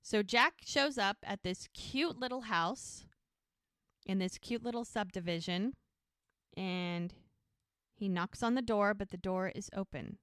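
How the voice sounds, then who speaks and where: A woman's voice: mid-range voice, unhurried, smooth, no echo. Woman podcaster, dry close sound. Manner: animated retelling with quoted dialogue. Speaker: podcast co-host. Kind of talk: casual episode recap.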